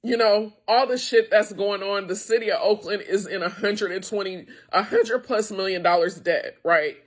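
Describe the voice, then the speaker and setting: With a mid-range voice at moderate pace, an American wine tasting room owner delivers an emotional rant to her viewers. She's frustrated and upset over a denied grant, swearing as she vents directly to camera.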